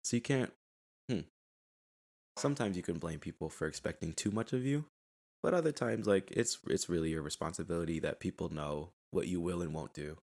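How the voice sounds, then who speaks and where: A man's voice: sits low, a little mellow. A young man hosting a casual solo podcast, rambling in a laid-back way and laughing at himself. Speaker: podcast host. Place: at home.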